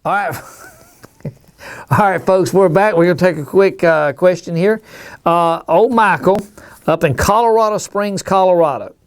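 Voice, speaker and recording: A man's voice: high-pitched, moderate pace, clear, resonant tone. A man from Alabama, hosting a hunting call-in show in a folksy, rambling way. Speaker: radio show host. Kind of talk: casual call-in chat.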